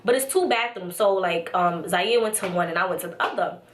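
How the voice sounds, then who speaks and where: A young adult woman vlogger telling a casual story-time tale, chatty and animated, with lots of "like" and "so". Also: on the low side, brisk. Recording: roomy echo.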